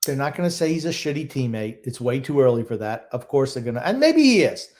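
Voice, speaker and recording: A man's voice: medium pitch, very animated, fast talker, a little mellow. A man co-hosting a casual sports podcast, giving blunt, grumbling opinions. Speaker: podcast co-host.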